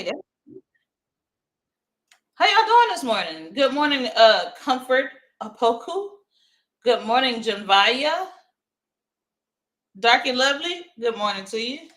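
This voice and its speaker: A woman from Louisiana hosting a casual morning live stream, chatty and warm with viewers, greeting them by name and laughing often. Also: a little high, sing-song, unhurried, long pauses.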